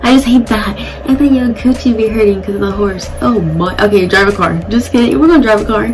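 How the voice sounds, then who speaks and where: A young woman talking through a casual makeup vlog in a plain mid-range voice. She is blunt and chatty and swears freely. Music plays clearly in the background. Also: medium pitch, fairly quick, low-quality recording. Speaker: beauty vlogger. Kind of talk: casual get-ready-with-me chat. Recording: music playing behind the voice.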